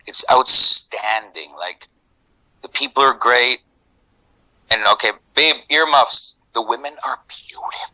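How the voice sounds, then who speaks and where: A male musician as an interview guest, chatting casually with a laid-back, profane, animated way of telling stories. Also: mid-range voice, a little slow, dry recording, low-quality recording.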